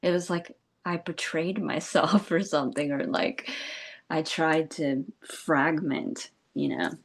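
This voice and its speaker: A woman with a low voice and slow delivery speaks as a spiritual teacher in a meditative talk, though her intonation stays lively. She meanders gently, leaning on "you know" and "like," and breaks into soft laughs.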